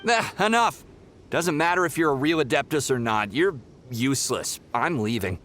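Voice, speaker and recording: A man voicing a brash, demanding young male pilgrim in a video game, theatrical and quick to take offense. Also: fairly high pitch, lively intonation, fairly bright tone. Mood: indignant. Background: game music.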